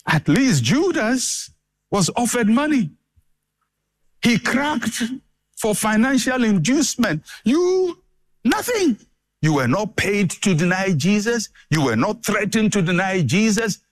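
A preacher delivers his sermon slowly and deliberately, piling up repeated phrases for dramatic effect. His fairly high voice swoops up and down in wide, lively arcs as he hammers each point home.

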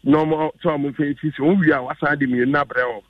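A man's voice: on the high side, steady tone, fast talker, dry recording. An older Ghanaian man, a member of parliament, talking emphatically and repeating himself as a guest in a radio interview. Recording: dull, dry radio audio.

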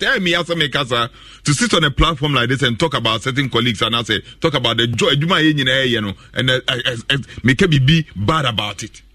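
Emphatic Ghanaian sports radio panelist. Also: male voice, mid-range voice, pushed and bright, dry recording. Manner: emphatic, repeats himself, stumbles.

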